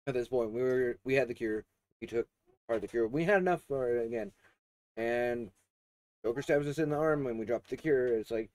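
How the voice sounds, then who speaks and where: A man giving a casual, rambling game review with many fillers and restarts. He coughs and keeps clearing his throat. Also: mid-range voice, fairly quick, a little mellow, no room sound.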